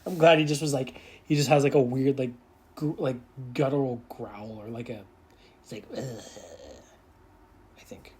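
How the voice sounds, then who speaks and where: A casual reviewer at a mid-range pitch talks through a TV episode in a loose, rambling way. The speech is full of fillers and quick laughs, with snatches of characters' lines acted out. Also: fairly even intonation, darkish tone, a little hiss or hum. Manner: rambling, filler-heavy, laughing while recapping; acts out characters' lines in quick put-on voices.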